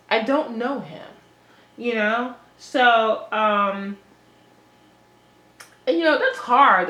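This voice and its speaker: A woman's voice: medium pitch, fairly bright tone, reverberant, rough recording. A woman vlogging in an agitated, rambling monologue, swearing often and restarting her sentences. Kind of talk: unscripted monologue to camera.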